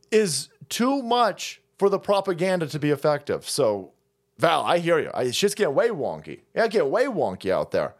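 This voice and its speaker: A man ranting on his stream in a high, animated voice. He swears constantly and mocks his targets. His delivery leaps up and down. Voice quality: foul-mouthed, loud and mocking. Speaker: stream host. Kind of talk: ranting political commentary stream.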